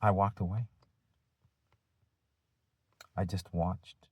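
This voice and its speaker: A male teacher giving a deliberate, firm talk to his students, using rhetorical questions and pauses. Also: deep voice, level tone, darkish tone, husky, dry recording. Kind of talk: lecture-style talk to students.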